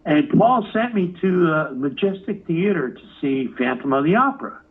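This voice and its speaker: Man, high lively voice, swearing storyteller, tinny narrow audio. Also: normal speed. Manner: swears freely, acts out quotes. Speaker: rock musician interviewee. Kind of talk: animated storytelling interview.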